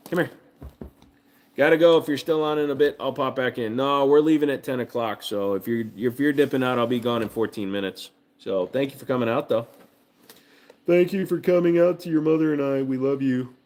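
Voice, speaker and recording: A man's voice: medium pitch, normal speed, pauses often, darkish tone. A man hosting a casual livestream from home, joking with profanity and cooing baby talk to his dog. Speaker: livestream host.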